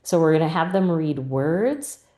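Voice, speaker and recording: A woman's voice: low-pitched, lively intonation, a little slow, mellow, echoey room. A woman teacher patiently explaining a spelling rule, acting out the questions she asks students. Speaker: reading teacher trainer. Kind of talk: instructional explanation.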